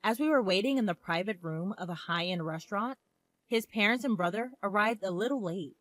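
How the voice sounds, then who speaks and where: Calm young woman narrating a story. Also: mid-range voice, brisk. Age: 20s. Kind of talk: first-person story narration.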